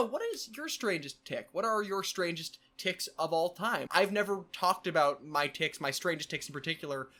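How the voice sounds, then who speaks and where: A man talking casually to camera in a vlog. He is playful, adds quick asides, and repeats phrases and sounds in bursts. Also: a little high, bright, forceful tone. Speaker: vlogger.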